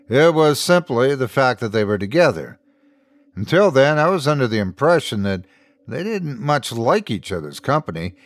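A man's voice: mid-range voice, no echo. A man narrating a scripted horror story as host, in a dry, close recording. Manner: storytelling, expressive.

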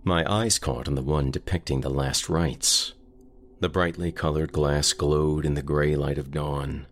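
Male horror-podcast narrator, very low and gravelly, slow and ominous. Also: level tone, a little hiss or hum.

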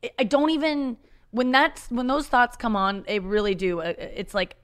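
A woman's voice: on the high side, normal speed. A woman talking candidly as a comedian guest in a podcast conversation, frank and self-deprecating, rambling with many restarts.

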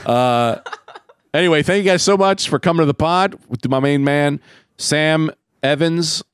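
A man's voice: a little high, measured pace, clear, resonant tone, no echo, studio quality. A man hosting a podcast in casual chat, telling stories and acting out quotes. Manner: animated storyteller, acts out quotes. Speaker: podcast host. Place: room above a comedy club.

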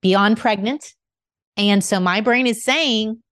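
A woman's voice: a little high, slow, fairly bright tone, dry recording, clean studio sound. A woman co-hosting a faith conversation, talking in a candid, reflective, questioning way. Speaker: co-host. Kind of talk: faith-based podcast conversation.

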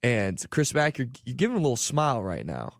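A man's voice: mid-range voice, wildly swooping pitch, a little fast, vocal fry, dry recording. Easygoing man reading betting odds, dry sound. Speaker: podcast host. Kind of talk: casual sports betting chat.

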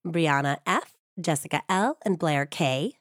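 A woman co-hosting a true crime podcast in a studio, her voice husky from a cold, moving between upbeat chat and a measured storytelling read. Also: low-pitched, animated, dry recording. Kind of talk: conversational true crime podcast, reading narration.

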